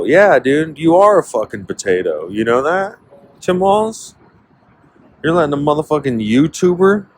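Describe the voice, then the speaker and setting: A man's voice: mid-range voice, no echo. A man from Northern California hosting a podcast, telling rambling, profane stories in casual chat. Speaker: podcast host.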